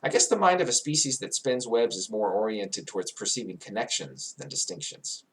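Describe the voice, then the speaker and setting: Speaking in character as the guide to a fantasy world, a man narrates in a grandiose, digressive way that swells now and then into emotional peaks. His voice is fairly low, very animated, and fairly quick.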